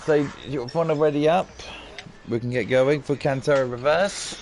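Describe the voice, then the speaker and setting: A man with a sore throat giving excitable sim racing commentary as host. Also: mid-range voice. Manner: excitable, quick to exclaim. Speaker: race commentator.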